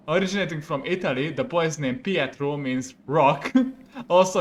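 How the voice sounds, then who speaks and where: A man's voice: a little high, normal speed, slight background noise. A young man from Hungary with a Hungarian accent, casually commenting on a game stream, laughing a lot and joking at himself. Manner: giggly, self-mocking, laughs often. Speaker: vtuber streamer.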